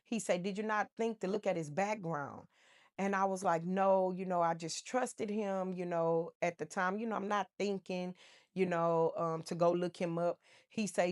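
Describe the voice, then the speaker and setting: A woman's voice: lowish voice, moderate pace. Emotional woman telling her testimony. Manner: emotional, animated retelling with many fillers. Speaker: testimony speaker. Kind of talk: personal testimony storytelling.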